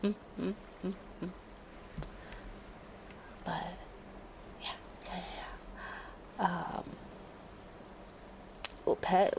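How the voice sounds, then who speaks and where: A woman chatting casually on her live stream while sick with a fever, often dropping into soft whispers. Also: lowish voice, level tone, gravelly, slight background noise. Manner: slow and soft, drifting into whispers. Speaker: livestreamer. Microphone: close studio microphone.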